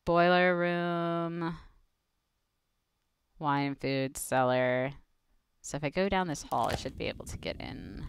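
A woman's voice: low voice, slow pace, long pauses, a little hiss or hum. A young woman playing a horror game and joking as she talks to herself and her viewers. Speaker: game streamer. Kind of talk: casual gameplay commentary.

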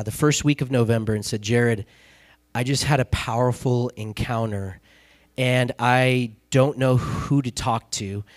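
A man's voice: mid-range voice, dry recording. A male guest pastor telling a story in a sermon, chatty and casual, acting out the other people's lines. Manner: conversational, acts out quoted dialogue with laughs. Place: church sanctuary.

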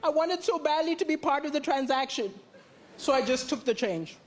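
A man's voice: very high-pitched, animated, moderate pace. A man from Malawi doing a stand-up comedy set on stage, delivering dry punchlines and acting out the voices he quotes. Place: large theatre stage. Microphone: stage microphone. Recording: live stage with loud crowd. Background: loud audience laughter and cheering.

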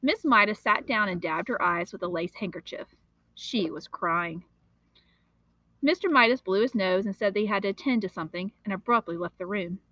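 A woman, a teacher, reading a children's novel aloud in an expressive, steady storytelling manner. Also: medium pitch, normal speed, no room sound, rough recording.

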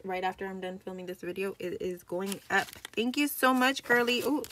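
Bubbly excitable woman, bright voice. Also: medium pitch, a little hiss or hum. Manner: gushing, excitable, chatty. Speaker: crafting channel host. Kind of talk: casual unboxing vlog.

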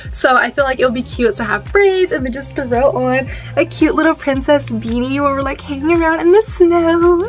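Bubbly high-voiced young woman gushing. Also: moderate pace, few pauses, soft background music. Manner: bubbly and gushing, many fillers and squeals. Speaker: vlogger. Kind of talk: casual haul vlog.

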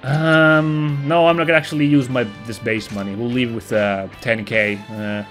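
A man's voice: mid-range voice, little pitch movement, normal speed, a bit bright, faint music behind. A young man casually commentating a game as he plays, rambling and correcting himself as he goes. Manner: rambling, self-correcting, chatty. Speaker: let's play host.

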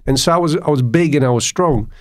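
A man's voice: on the high side, fast talker. Chatty man. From Poland. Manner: animated storyteller, tags points with "yeah?". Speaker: guest. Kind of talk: radio interview conversation. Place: radio studio.

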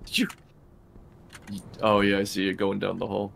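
A man's voice: on the low side, monotone, measured pace, vocal fry, fairly bright tone, a little hiss or hum. A man streaming a game, chatting casually, swearing often and talking his partner through the game. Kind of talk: casual gaming chat.

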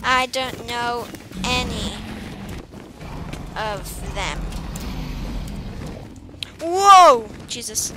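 A woman's voice: high-pitched, animated, drawn-out words, long pauses, noisy background. A woman rambling through casual gameplay commentary, giggling and making playful beeping sound effects. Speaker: gamer commentating her play. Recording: faint game music behind.

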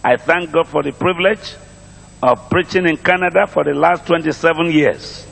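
A man's voice: fairly high pitch, moderate pace, creaky, fairly bright tone, long reverb tail. A middle-aged man with a Nigerian accent, preaching a sermon, drawing calls and responses from the congregation and repeating his phrases. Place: church congregation.

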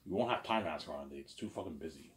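A man's voice: rumbling low, lively intonation, racing. A man telling a story in a casual, rambling monologue, repeating himself and asking "you know what I'm saying?". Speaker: vlogger.

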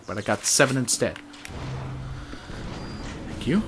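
A man giving casual let's-play commentary, excitable and sarcastic, swearing at the game. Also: fairly low pitch, unhurried, long pauses, background noise. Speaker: gaming video host.

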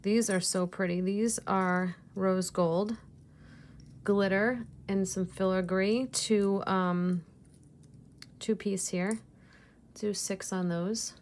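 Slow-talking gushing woman reseller. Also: mid-range voice, fairly even intonation, a little mellow. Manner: gushing, chatty, laughs at herself. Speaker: jewelry reseller vlogger. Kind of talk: casual unboxing chat.

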